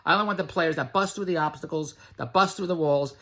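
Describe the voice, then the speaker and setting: A middle-aged man giving a blunt, pushy sales pitch straight to the camera, repeating his slogans and swearing freely. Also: quick pace, bright, forceful tone. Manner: blunt, pushy, repetitive hard sell with profanity. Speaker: online business promoter.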